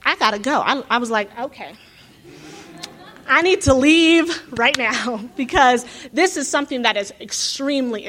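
A woman from the United States speaks in a slightly higher than usual register, earnest and animated. She thinks aloud and breaks up her points with little asides and rhetorical checks. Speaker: graduate student. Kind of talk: reflective talk.

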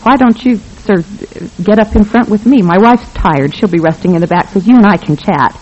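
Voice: mid-range voice, brisk, dull audio, close to an everyday voice. A reader doing an earnest Mormon husband, middle-aged. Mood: polite. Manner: earnest, pleading, fiercely hushed at times.

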